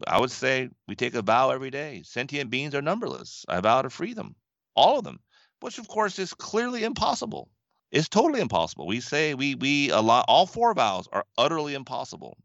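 A Buddhist teacher from the western United States tells a story earnestly in reflective conversation, laughing softly at times. His voice is medium-pitched and gravelly, and the lo-fi recording has no room sound.

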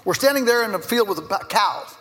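A middle-aged farmer from Virginia giving a lively conference speech, an animated storyteller who slips in jokey asides. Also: male voice, high-pitched, a little fast. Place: large conference hall. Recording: echoey hall with long reverb.

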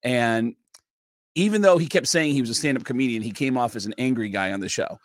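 A man guest on a podcast, telling a story in a casual, lively way and jumping into voices. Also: medium pitch, a little fast, no room sound, studio quality. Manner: lively, acts out voices, lots of fillers. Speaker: comedian guest. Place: podcast studio.

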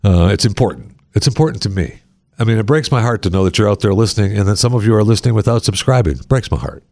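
A man's voice: on the low side, expressive, quick pace, a little mellow, no echo, clean studio sound. A man hosting a talk podcast, rambling and sarcastic as he banters with his co-host. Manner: sarcastic, rambling, mock-pleading. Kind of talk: casual talk show banter.

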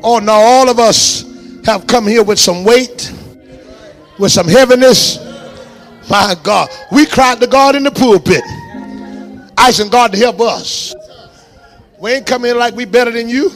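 High-pitched shouting preacher man. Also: measured pace, pauses often, soft background music. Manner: shouting, exhorting the congregation with call-and-response commands. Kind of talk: fiery sermon. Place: church sanctuary.

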